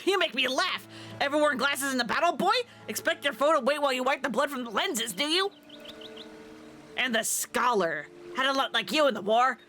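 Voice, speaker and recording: Girl voicing a mean barking drill sergeant lady, high and bright, game music faint behind. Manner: barking, scornful, commanding. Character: gruff woman drill sergeant, scornful, bellowing.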